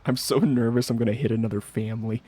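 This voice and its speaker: A man's voice: mid-range voice, dark tone, a little hiss or hum. A man giving casual live commentary while playing a game, joking and laughing often. He banters defensively with his chat. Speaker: streamer.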